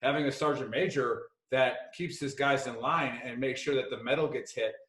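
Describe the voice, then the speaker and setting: A man's voice: medium pitch, steady tone, moderate pace, a bit bright. Rambling, cussing male podcast host. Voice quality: rambling, profane, joking. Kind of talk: casual podcast chat. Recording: echoey room.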